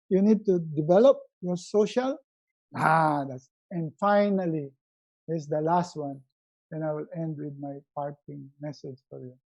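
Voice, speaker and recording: A middle-aged man, giving a live motivational webinar talk as a resiliency coach, animated and acting out little quoted scenes. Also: a little high, lo-fi sound.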